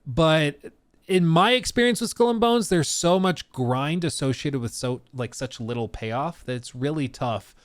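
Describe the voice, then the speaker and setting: A man's voice: fairly high pitch, lively intonation, unhurried, dry recording. A man streaming a casual reaction commentary, talking in long rambling stretches full of restarts and fillers.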